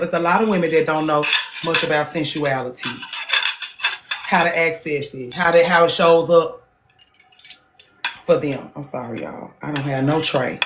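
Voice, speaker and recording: Hosting a relaxed livestream conversation, this woman podcaster is blunt and lively, leaping up into higher-pitched voices for emphasis.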